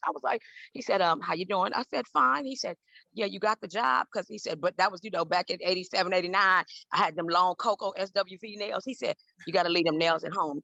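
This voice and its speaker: A woman in her fifties from Southern California tells stories at a quick clip, her voice bright and a little gravelly. She acts out each person in her stories with big leaps in pitch. The sound is dry and close. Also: no room sound. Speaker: guest, celebrity hair stylist. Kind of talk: animated storytelling in an interview.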